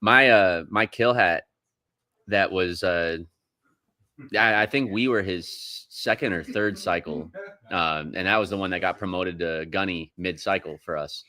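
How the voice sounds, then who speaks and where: A man's voice: low-pitched, a little slow, bright, forceful tone. A man on a podcast, rambling through profane, restart-filled stories as a Marine veteran in casual chat.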